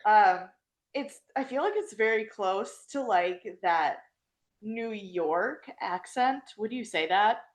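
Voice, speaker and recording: A young woman hosts a casual podcast conversation. She is playful and teasing and laughs often. Her voice is at a middle pitch. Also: animated, takes it slowly. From Wisconsin. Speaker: podcast host. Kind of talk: casual chat.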